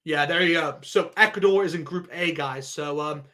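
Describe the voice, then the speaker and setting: Excitable high-voiced man reacting live. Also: moderate pace. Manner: excitable, thinks aloud, keeps addressing viewers. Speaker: sports vlogger.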